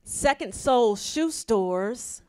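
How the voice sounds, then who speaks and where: A woman's voice: fairly high pitch, expressive, drawn-out words, a little mellow, smooth. A woman with an Alabama accent, a podcast host at a live event, chatting casually and reading old clippings aloud with her own asides.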